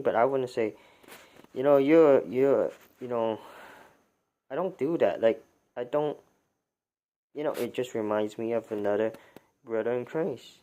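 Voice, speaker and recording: A man talking off the cuff on a livestream, starting sentences over and repeating words as he goes. His voice sits at an ordinary middle pitch for a man. He sounds exasperated and keeps firing rhetorical questions. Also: mellow. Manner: halting, many restarts and repeated words. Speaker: livestream commentator. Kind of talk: unscripted livestream commentary.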